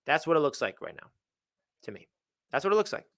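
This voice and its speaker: Bright-voiced young man ranting on a fan stream. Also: a little high, very animated, fairly quick. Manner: emotional, reads out donor messages, swings between gloomy and fired-up. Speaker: livestream host. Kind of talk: live fan reaction stream.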